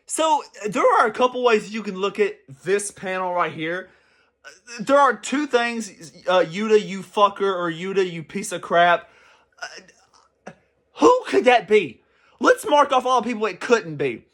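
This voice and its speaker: A young man giving casual, excitable commentary as a channel host, rambling and swearing freely. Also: sits high, a little slow.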